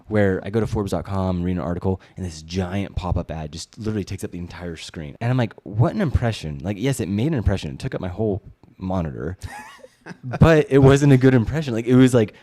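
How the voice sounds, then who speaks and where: A man co-hosting a casual marketing podcast, thinking aloud in a relaxed way with plenty of "it's like" restarts. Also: low voice, fairly quick, no echo. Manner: relaxed, talks it through with many "it's like" restarts. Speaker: co-host, brand strategist.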